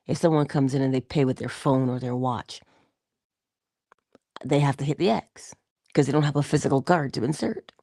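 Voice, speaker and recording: A middle-aged woman hosts a casual inspirational morning show, telling a story, laughing often, and dropping into whispers for emphasis. Her voice is extremely low and dark-toned, with clean studio sound and no room sound.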